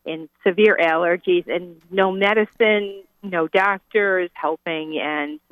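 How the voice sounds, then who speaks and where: Female caller, low-ish voice over a phone line, urgent. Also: fairly even intonation, slow pace, no echo. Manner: urgent, pleading. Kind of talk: phone-in request.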